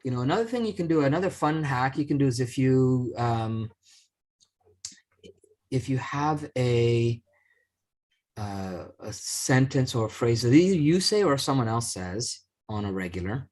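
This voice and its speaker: A man's voice: mid-range voice, lively intonation, unhurried, a little mellow. A middle-aged man hosting a casual chat, rambling with many restarts and fillers. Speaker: podcast host.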